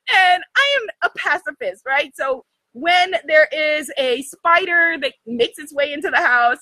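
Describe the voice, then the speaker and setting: A woman from New hosting a spiritual livestream, telling a story in an animated way, laughing often and talking straight to her viewers. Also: sits high, normal speed, no room sound, low-quality recording. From United States. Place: outdoors in the jungle.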